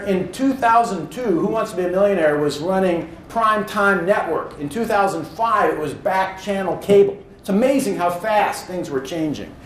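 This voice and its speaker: A professional speaker tells a motivational story about his own career, earnest and animated, sometimes acting out his own thoughts. His voice sits high, and the rough recording sounds roomy with slight background noise.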